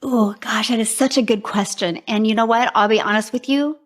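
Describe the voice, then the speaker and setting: A middle-aged woman, upbeat and emphatic, laughing often as she talks about her business and then pitches her program. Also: fairly even intonation, brisk. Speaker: program founder and presenter. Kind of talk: interview then sales pitch.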